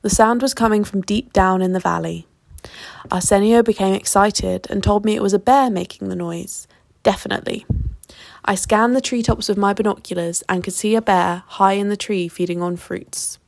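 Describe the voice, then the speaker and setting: A woman telling a personal travel adventure in a measured, vivid way. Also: mid-range voice, fairly even intonation, vocal fry, no room sound. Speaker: storyteller. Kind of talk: narrating a personal travel story.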